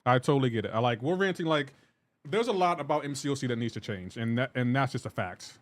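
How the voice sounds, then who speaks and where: A man's voice: medium pitch, animated, fast talker, dry recording. A man streaming a game live, ranting in an exasperated way and repeating himself while reacting to chat.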